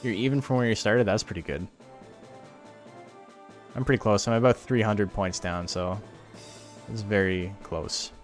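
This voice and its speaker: A man's voice: fairly low pitch, measured pace, pauses often, soft background music. A man hosting a game tournament stream, talking casually in a rambling, crude way with lots of fillers. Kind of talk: casual livestream commentary.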